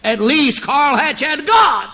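Man, fiery preacher, high voice, hushed-to-shouting swings, dull old recording. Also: very animated, vocal fry. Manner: dramatic swings from hushed to shouting, drawn-out emphasis. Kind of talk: fiery sermon.

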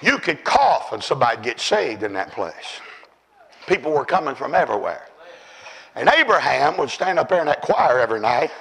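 A man preaching a sermon, telling stories with fervour and often shouting. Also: mid-range voice, very animated, moderate pace, gravelly, breathy edge, low-quality recording. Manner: fervent storytelling, often shouting.

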